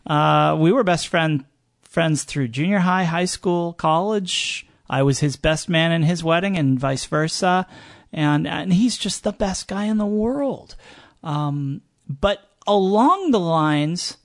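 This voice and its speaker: A middle-aged man chatting on a podcast, his voice sitting a little high and recorded close and dry. He rambles through stories with fillers and restarts. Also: lively intonation, slow, no echo. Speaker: guest, gondola company owner. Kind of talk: casual podcast chat.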